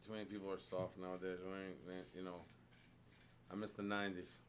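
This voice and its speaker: A man's voice: low-pitched, level tone, fast talker, slight background noise. A man co-hosting a casual podcast chat, rambling with lots of fillers and restarts. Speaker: podcast co-host. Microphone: studio microphone.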